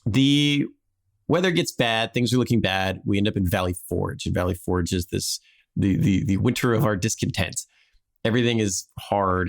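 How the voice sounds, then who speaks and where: Low-voiced man telling history casually. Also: gravelly, slight background noise. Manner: rambling, with restarts and laughs. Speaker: podcast host telling a history story. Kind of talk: casual storytelling chat.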